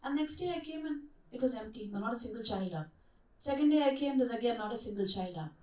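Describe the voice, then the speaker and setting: A middle-aged woman runs an interactive workshop talk in a conference hall, her voice a little high and quick as she tells lively stories and puts questions to the audience. The hall is echoey, and she sounds far from the mic.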